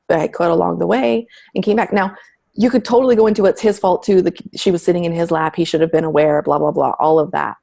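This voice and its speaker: Low husky gravelly woman, candid. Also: darkish tone. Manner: candid, storytelling, emphatic with frank language. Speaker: guest. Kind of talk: conversational interview.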